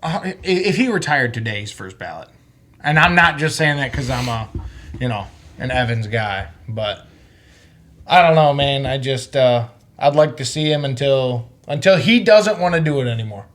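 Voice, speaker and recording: A man's voice: medium pitch, expressive, normal speed, a bit bright. A man co-hosting a casual sports podcast, blunt and profane, who gets worked up when he makes his point. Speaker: podcast co-host.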